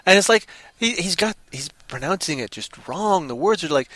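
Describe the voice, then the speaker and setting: A man's voice: high voice, animated, normal speed, bright, forceful tone, dry recording. A man co-hosting a casual chat, rambling and riffing playfully on jokes. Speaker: podcast co-host.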